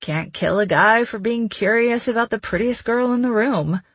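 A woman's voice: on the high side, moderate pace, breathy edge, no room sound. A woman voicing a charming, flirtatious man at a party, teasing and easygoing in an audiobook reading. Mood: flirty.

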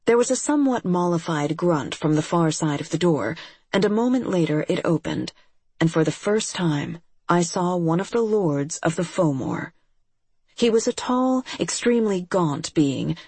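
An audiobook narrator reading a first-person story in a measured, steady way. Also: medium pitch, slightly rough, no echo.

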